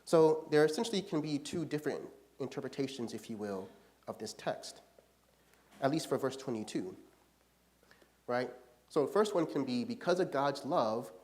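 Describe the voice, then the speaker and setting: A man's voice: medium pitch, a little mellow. Man leading a casual Bible study. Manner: casual, often checks in with "right?". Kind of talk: conversational Bible teaching.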